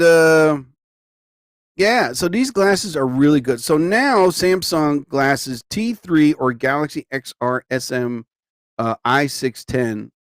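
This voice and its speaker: A tired, sleepy man with a mid-range voice chats casually on a live stream, rambling and exclaiming often. He's recorded on a studio mic with no echo.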